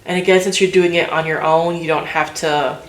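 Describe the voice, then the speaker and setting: A woman's voice: low-pitched, fairly even intonation, brisk. A woman vlogger chatting casually to the camera, loose and filler-heavy. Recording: roomy echo.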